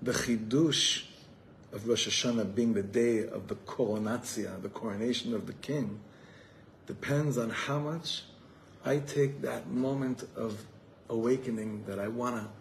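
A man's voice: medium pitch, slight background noise. A man telling a story in a sermon as a rabbi at an evening gathering, acting out the voices of the people in it.

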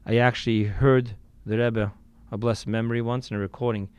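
A man's voice: mid-range voice, flat delivery, brisk, clean tone, no room sound, lo-fi sound. Man, rabbi, sermon, emphatic preaching, Yiddish and Hebrew terms, resonant voice, dry close sound. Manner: emphatic preaching with sudden swings in loudness.

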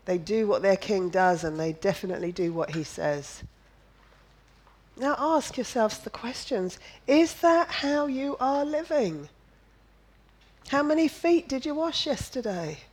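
A woman's voice: a little high, lively intonation, a little slow, low-quality recording. A woman preaching a sermon, emphatic and repetitive, firing off rhetorical questions and slipping in playful jokes. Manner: drops in playful asides and jokes.

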